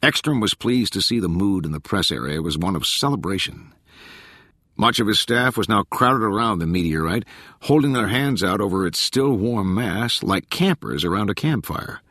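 A man narrating an audiobook in a measured, even reading with a husky voice. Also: lowish voice, no echo, studio quality. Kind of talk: scripted narration.

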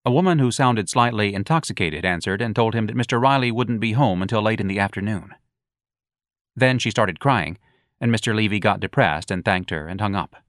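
A man reading a comic novel aloud with a wry, expressive storytelling manner. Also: on the low side, a little fast, no room sound, studio quality. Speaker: audiobook narrator. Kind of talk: audiobook narration.

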